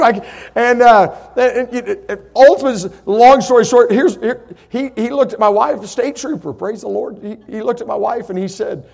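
A middle-aged man, preaching in a high voice. He tells homespun stories in a folksy way and then rises to loud, emphatic declarations. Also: moderate pace, creaky. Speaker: pastor. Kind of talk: sermon with personal story.

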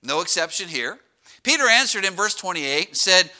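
A middle-aged pastor preaching a sermon, telling stories with lively slowdowns and sudden drops to a hush. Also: male voice, high voice. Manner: animated storytelling with dramatic slowdowns and drops to a hush.

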